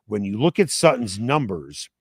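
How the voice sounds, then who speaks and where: A man from Chicago hosting a sports talk show, explaining points in a measured way and asking pointed questions. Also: lowish voice, sing-song, breathy edge, no room sound, studio quality. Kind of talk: sports talk radio chat.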